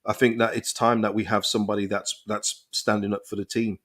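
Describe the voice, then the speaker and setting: A fairly low-voiced young man from England, hosting a football live stream. He reads viewers' comments aloud and answers them in an animated way, often stumbling over his words and repeating himself as he thinks aloud. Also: brisk. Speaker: football channel host reading live chat.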